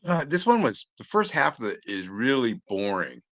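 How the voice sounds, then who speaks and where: A man's voice: medium pitch, big pitch swings, normal speed, a bit bright, no room sound. A man co-hosting a podcast, giving a blunt, rambling, laid-back movie review. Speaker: podcast co-host. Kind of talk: casual movie review chat.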